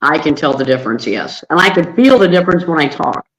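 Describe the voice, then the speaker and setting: A man hosting a casual livestream, hoarse from allergies, friendly and greeting viewers by name. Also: on the high side, lively intonation, fast, fairly bright tone, poor audio. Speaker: livestream host.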